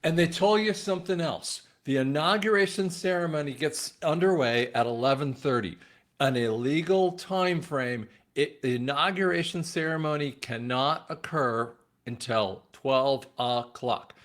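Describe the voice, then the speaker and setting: A man's voice: fairly high pitch, measured pace, fairly bright tone. A male host giving casual political commentary, talking straight to his viewers. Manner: casual, addresses viewers as guys.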